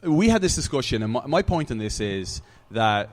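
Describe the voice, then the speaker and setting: A man from Ireland, a soccer broadcaster, talking at a live panel discussion in a brewery, animated and stumbling over words as he works out a point. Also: medium pitch, normal speed. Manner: animated, repeats words while working out a point.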